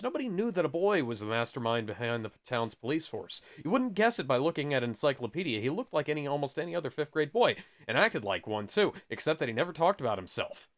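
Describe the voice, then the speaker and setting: Lively man reading a book aloud. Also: medium pitch, fast talker, hardly any pauses. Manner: reads aloud, stops for asides and corrections. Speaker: podcast co-host reading aloud. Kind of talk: casual comic read-aloud.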